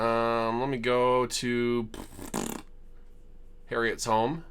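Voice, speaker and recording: A man's voice: on the low side, animated, moderate pace, long pauses, fairly bright tone, soft background music. A man streaming a life-sim game, chatting casually and chuckling as he tours homes he built. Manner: chatty, amused, chuckles often. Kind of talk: casual gameplay commentary.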